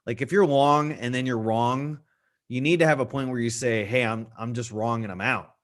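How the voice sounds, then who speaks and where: A middle-aged man hosts a live market-analysis stream in a loose conversational way. He answers chat questions as they come in and repeats his points for emphasis, speaking at an ordinary mid pitch. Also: moderate pace, fairly bright tone. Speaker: trading stream host.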